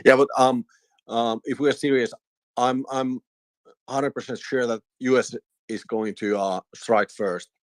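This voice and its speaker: A man speaking as a guest on a casual online panel, halting and filling gaps with ums as he thinks. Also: mid-range voice, steady tone, no echo. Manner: halting, many fillers.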